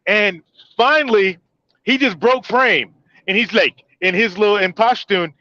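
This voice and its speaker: A high, bright man trading casual podcast banter, animated and joking as he tells stories. His voice is tight and dry, close to the mic, and the sound is a little dull. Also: no echo. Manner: animated storyteller, quick and joking. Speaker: podcast host.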